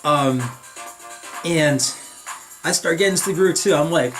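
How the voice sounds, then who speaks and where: A man's voice: on the high side, a little slow, a bit bright, faint music behind. A young man from northern New Jersey with a New Jersey accent, telling a long rambling story to camera, stumbling over and repeating words and laughing to himself. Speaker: vlogger.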